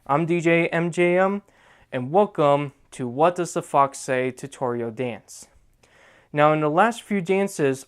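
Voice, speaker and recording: A young man hosting a dance tutorial, giving step-by-step instructions and checking in with "okay?" after each move. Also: a little high. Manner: repeats "okay?" to check in, counts out moves slowly.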